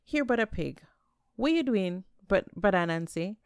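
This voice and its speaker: A woman's voice: medium pitch, animated, moderate pace, smooth, no echo, clean studio sound, voice pushed up, natural voice. A woman with a Jamaican accent voicing a naive, trusting male pig who stammers eagerly in a folktale. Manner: gullible, eager, a bit stammering.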